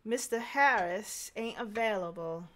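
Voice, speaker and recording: Lady doing a curt folksy housewife, short answers, slow. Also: mid-range voice, fairly bright tone, a little hiss or hum, close to an everyday voice. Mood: guarded. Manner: terse, folksy.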